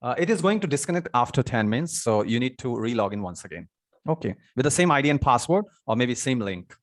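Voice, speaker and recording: A man's voice: mid-range voice, sing-song, fast. A man with an Indian accent teaching an online English class, repeating himself and stopping often to quiz his students. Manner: repetitive, stops to ask students questions.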